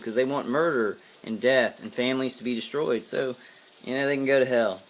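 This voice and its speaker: A man's voice: mid-range voice, a little fast, slight background noise. An American man giving a casual to-camera monologue as a vlogger, angry, profane and rambling with many fillers and restarts. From United States.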